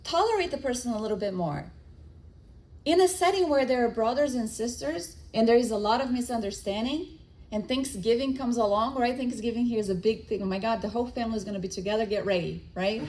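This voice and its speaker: A woman's voice: fairly high pitch, fast, rough recording. A middle-aged woman giving a spiritist lecture, telling stories and acting out the dialogue, with frequent restarts. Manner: animated storytelling with acted-out dialogue.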